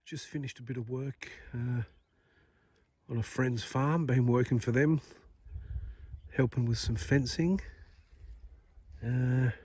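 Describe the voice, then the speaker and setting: An Australian man vlogging casually outdoors on a farm, chatting easily and talking gently to a wild animal. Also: medium pitch, fairly even intonation, slow pace, long pauses, breathy edge, no room sound. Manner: easygoing, chatty, coos softly at an animal. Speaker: metal detecting vlogger. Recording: distant outdoor audio, noisy background.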